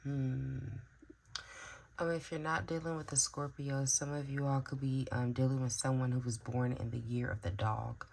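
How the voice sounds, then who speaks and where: A woman's voice: rumbling low, level tone, moderate pace, gravelly, darkish tone, slight background noise. A woman giving a casual tarot reading, musing aloud with frequent fillers and sighs. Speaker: tarot reader.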